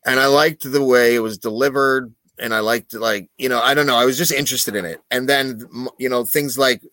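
A man guesting on a podcast, talking in a loose, animated way, swearing and joking with mock aggression. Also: medium pitch, brisk, no room sound. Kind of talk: casual chat.

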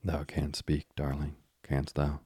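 A man reading an audiobook, voicing a stern, scheming old witch woman who speaks in archaic phrases, with a husky, half-whispered edge. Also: very deep voice, monotone, takes it slowly, dark tone, no echo, studio quality, full character voice. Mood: coaxing.

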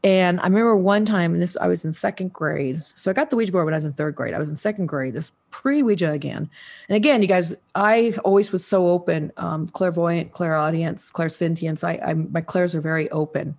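An older woman in her sixties with a fairly low voice tells a story on a podcast. She talks casually and with animation, and she acts out the voices of the people she quotes. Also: brisk, a little mellow. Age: 60s. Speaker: guest, Ouija board historian.

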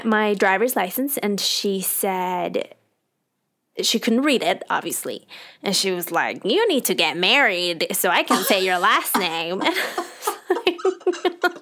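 A woman's voice: mid-range voice, animated, fairly bright tone. A woman hosting a podcast, telling her own story in a loose, rambling way and laughing often. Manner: rambling, laughing, quick affirmations. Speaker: podcast host. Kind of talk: casual chat.

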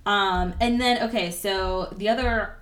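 A woman's voice: mid-range voice, crowd noise. A woman co-hosting a podcast, talking casually and animatedly with many fillers. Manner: animated, quick, lots of fillers. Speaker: podcast co-host. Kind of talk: casual chat.

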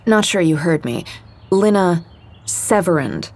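A woman's voice: lowish voice, lively intonation, unhurried, a little mellow. A woman reading the part of a groggy, sarcastic young man just woken up. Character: grumpy sleepy young man, Kevin.

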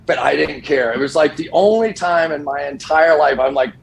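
A man's voice: fairly high pitch, moderate pace, gravelly, a little hiss or hum, low-quality recording. An older man, a football broadcaster, telling stories casually on a sports talk show and acting out the voices of the people in them. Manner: animated storyteller who acts out quoted dialogue.

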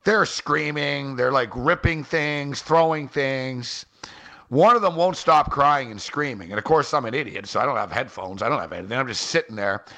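A man's voice: medium pitch, normal speed. A man co-hosting a sports radio show, telling a rambling story in casual chat and peppering it with "like" and "man". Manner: animated, rambling, frequent "like" and "man". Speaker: fantasy sports radio co-host. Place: on a trip in Halifax.

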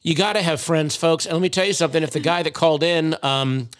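A man hosting a podcast in casual chat, rambling and halting with plenty of ums. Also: on the high side, a bit bright. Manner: rambling, halting with many fillers. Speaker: podcast host.

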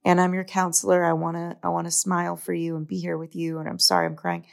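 A woman's voice: fairly low pitch, quick pace, gravelly. A young adult woman from the United States hosting a solo podcast, talking in an earnest, open, confiding way. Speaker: podcast host. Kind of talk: solo reflective podcast monologue.

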